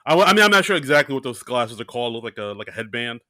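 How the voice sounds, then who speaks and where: A man's voice: mid-range voice, sing-song, very fast, sharp tone, dry recording, studio quality. A man co-hosting a podcast, talking casually and hesitantly with many fillers. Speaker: podcast co-host. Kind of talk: casual chat.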